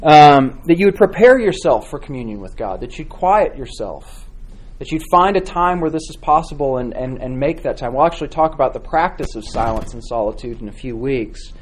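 A man teaching a church class on devotional reading, speaking with frequent pauses, fillers and restarts. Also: medium pitch, expressive, breathy edge. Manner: halting, many fillers and restarts, warm encouraging replies. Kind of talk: Sunday school class teaching.

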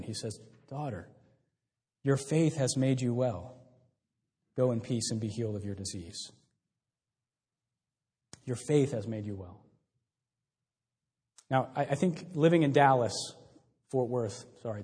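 Husky-voiced preacher in an echoing hall. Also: male voice, fairly high pitch, darkish tone. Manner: conversational, with frequent restarts and asides. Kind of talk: sermon. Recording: long hall reverb.

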